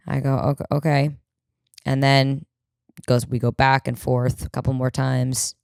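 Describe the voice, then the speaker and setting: A woman's voice: rumbling low, normal speed, vocal fry, clear, resonant tone, dry recording, studio quality. A young woman hosting a podcast, telling a comedic story and acting out the quotes with lots of swearing. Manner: animated, acts out quotes, swears a lot. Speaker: podcast host.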